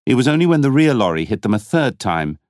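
A man reading a novel aloud as an audiobook narrator, in a dramatic, expressive style. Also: medium pitch, quick pace, dry recording, studio quality. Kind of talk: scripted narration.

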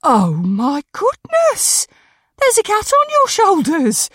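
A woman voicing an excitable woman who gushes over a cat while walking her dog. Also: a little high, slow pace, no echo, clean studio sound, pitched above the performer's own voice. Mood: gushing. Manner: gushing, exclamatory.

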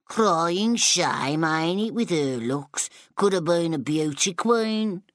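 Brief: rowdy jeering drinkers in a storybook, coarse and mocking, pitched up, put on by a woman narrator. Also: expressive, slow pace, dry recording, studio quality. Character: jeering drunk pub crowd members.

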